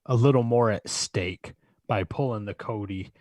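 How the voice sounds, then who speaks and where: A man's voice: fairly low pitch, normal speed, a little mellow, dry recording. A man co-hosts a podcast and sums up wrestling shows in short, laid-back remarks. The sound is dry and close to the mic. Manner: laid-back, brief, reads from notes. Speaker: podcast co-host. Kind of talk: casual wrestling recap chat.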